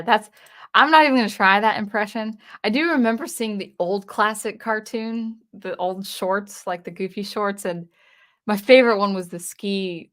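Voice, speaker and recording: A woman's voice: medium pitch, fairly bright tone. A woman hosting a livestream, chatting casually with viewers in a rambling way and answering their comments. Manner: rambling, with many fillers and restarts. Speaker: channel host on a livestream.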